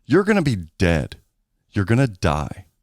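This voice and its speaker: A man's voice: lowish voice, wildly swooping pitch, a little slow, dry recording, studio quality. A man co-hosting a podcast in casual chat, candid, rambling and joking. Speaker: podcast co-host.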